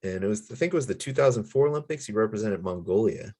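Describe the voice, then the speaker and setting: A man's voice: lowish voice, expressive, fast talker, dark tone. A man co-hosting a podcast, telling stories in a casual, laid-back way with light humor. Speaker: podcast co-host. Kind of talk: casual chat.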